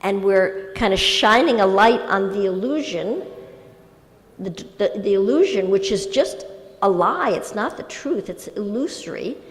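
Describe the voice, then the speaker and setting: Gentle woman giving a devotional talk. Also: mid-range voice. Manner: gentle, conversational, acts out inner voices. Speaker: spiritual teacher answering questions. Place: temple hall. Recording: reverberant hall.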